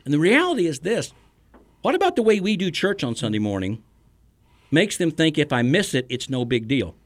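A man's voice: a little high, big pitch swings, normal speed. A middle-aged man, a pastor hosting a podcast, who teaches in an earnest, storytelling way and chuckles between points.

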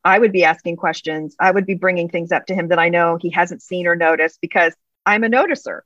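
Low-voiced middle-aged woman telling her story. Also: brisk, fairly bright tone, no room sound. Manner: earnest storytelling, acts out past dialogue. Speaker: pastor's wife, guest. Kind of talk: personal testimony in an interview. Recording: slightly dull lo-fi sound.

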